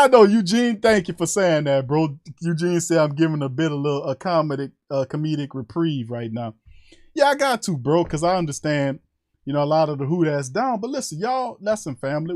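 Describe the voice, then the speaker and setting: A man hosting a casual sports talk show, animated and conversational, speaking to fans as family. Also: on the high side, moderate pace.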